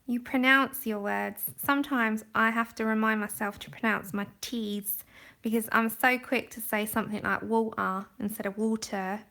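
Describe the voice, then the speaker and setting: London girl chatting away while she colours, bit of fry in the voice. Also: fairly high pitch, fairly even intonation, moderate pace, bright, forceful tone. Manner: chatty, rambling, laughs often. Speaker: livestream host. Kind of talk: casual chat while colouring. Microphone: phone.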